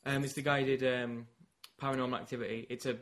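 A man's voice: mid-range voice, flat delivery, quick pace, fairly bright tone, slight background noise. A man hosting a casual film chat, rambling through points and laughing often. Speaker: film podcast host.

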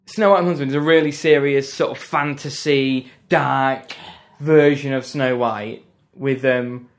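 A man co-hosting a film chat podcast. He is animated and mocking as he rants, swearing often, in an ordinary mid-range voice. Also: mid-range voice, unhurried. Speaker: podcast co-host. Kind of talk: casual chat.

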